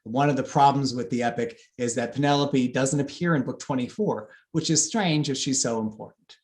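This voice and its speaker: A man giving a lively public lecture on epic poetry, with fillers and asides to the audience. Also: mid-range voice, normal speed. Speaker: classics lecturer.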